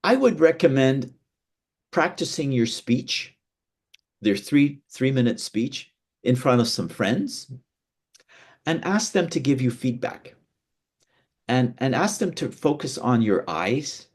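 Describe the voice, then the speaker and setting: A man from North America gives a lesson on presentation skills. His pitch swings widely as he demonstrates emphasis and keeps restarting phrases in an animated, teacherly way. He is seated indoors while he talks. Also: takes it slowly, pauses often, husky. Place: seated indoors, away from a window.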